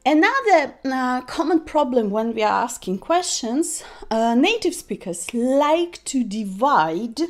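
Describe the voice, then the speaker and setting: A woman's voice: sits high, a little mellow. A woman teaching grammar on a podcast, explaining step by step and often checking in with "okay?" and "yeah?". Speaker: English teacher.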